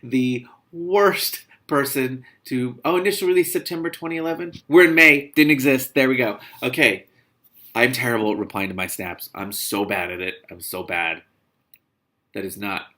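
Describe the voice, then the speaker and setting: Reading a novel aloud, this man mutters the narration in a low voice and adds comedic commentary. His tone is sharp and his speed normal, and he comes across as sarcastic and exasperated, swearing freely.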